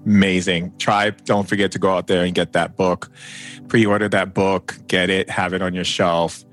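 A man's voice: deep voice, level tone, moderate pace, fairly bright tone, faint music behind. A man hosting a podcast, closing an interview with effusive, gushing praise for his guest. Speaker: podcast host. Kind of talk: warm interview wrap-up.

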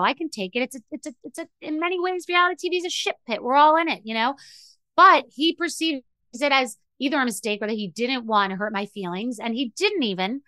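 This middle-aged podcast host speaks in a bright, forceful, slightly high voice, rambling and restarting through a candid, emotional monologue. The recording is close and dry, with no room sound.

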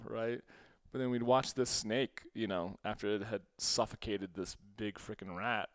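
A man telling a story from his own past in a casual way, quoting himself and laughing often, his voice swinging between hushed and loud. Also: mid-range voice, moderate pace, smooth, dry recording, clean studio sound. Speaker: podcast host.

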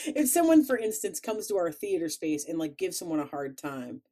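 A woman with a Chicago accent, chatting casually as a podcast co-host, animated and quick to laugh. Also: sits low. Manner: animated, laughs often, playful. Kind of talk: casual chat.

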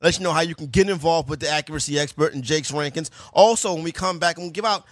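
A man's voice: fairly high pitch, quick pace, no room sound, clean studio sound. A man hosting a sports radio show, chatting casually in a loose, slangy way.

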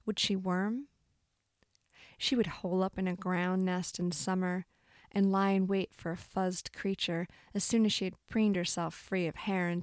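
A woman narrating a literary short story in a calm, even storytelling manner, lightly voicing the characters' dialogue. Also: medium pitch, no echo, studio quality.

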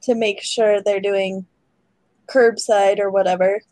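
A woman's voice: medium pitch, little pitch movement, slow, darkish tone, dry recording, low-quality recording. A mother chatting casually on a talk show, easygoing with hesitant ums. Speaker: co-host, a mother. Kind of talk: casual chat.

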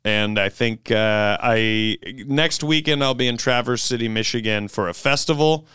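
A man's voice: mid-range voice, moderate pace, pushed and bright, clear, resonant tone, no room sound, studio quality. A man co-hosting a comedy podcast, chatting playfully with lots of fillers and hesitations. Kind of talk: casual comedic chat.

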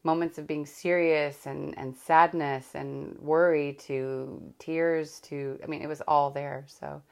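Podcast host, woman, low gravelly voice, rambling and candid, loose casual chat. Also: little pitch movement, slow, darkish tone. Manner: rambling, self-correcting, candid.

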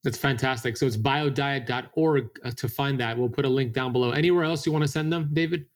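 A man hosts an interview in a friendly, easygoing way, pointing listeners to links. His voice sits at a middle pitch. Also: steady tone, fairly quick. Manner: friendly, wrapping up with plugs and links. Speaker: podcast host. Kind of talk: conversational interview.

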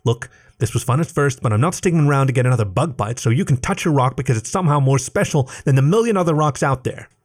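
A man's voice: mid-range voice, expressive, quick pace, few pauses, voice pushed up, lightly acted. A man voicing an anxious, sarcastic young male cat fresh out of college, reading it as a storybook. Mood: angry. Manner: exasperated and sarcastic.

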